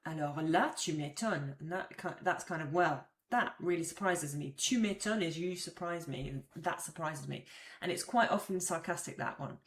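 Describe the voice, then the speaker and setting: A woman's voice: fairly low pitch, normal speed. Chatty woman teaching, roomy sound. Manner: chatty, explanatory, acts out example phrases. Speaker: French language teacher. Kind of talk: casual video lesson.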